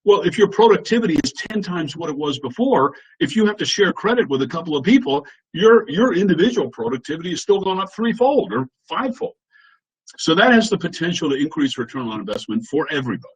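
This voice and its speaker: A man's voice: on the high side, very animated, fast talker, slightly rough, poor audio. A middle-aged American man giving an earnest seminar lecture, often restarting his phrases with fillers. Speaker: guest speaker.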